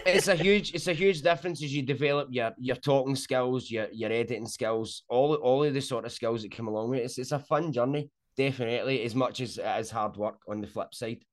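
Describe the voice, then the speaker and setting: A young Scottish man with a Scottish accent, chatting as an interview guest, talking slowly and clearly and laughing easily. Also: mid-range voice. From Scotland. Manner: chatty and quick to laugh, slowed down and enunciated for listeners. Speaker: guest, sumo wrestler. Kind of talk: casual interview chat.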